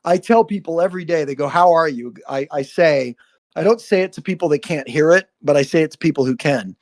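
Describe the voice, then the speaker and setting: A man's voice: on the high side, fast, a little mellow. A man hosting a live stream, giving an earnest spiritual monologue full of swearing and frequent "right?" checks. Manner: earnest, profane, repeats "right?".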